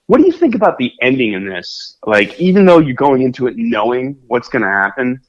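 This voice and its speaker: Animated man in a lo-fi podcast chat. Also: medium pitch, a little fast. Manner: animated, rambling, many fillers and restarts. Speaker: podcast co-host. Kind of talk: casual chat about films. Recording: dull lo-fi podcast audio.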